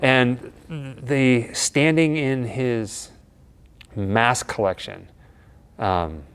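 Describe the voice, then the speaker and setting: A man telling a story in relaxed, chatty conversation. He speaks at an ordinary mid pitch and gets animated, playing out each line of dialogue as he goes. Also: extremely slow, clean tone. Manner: animated, acts out quoted dialogue. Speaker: co-host of a horror vlog. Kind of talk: casual storytelling chat.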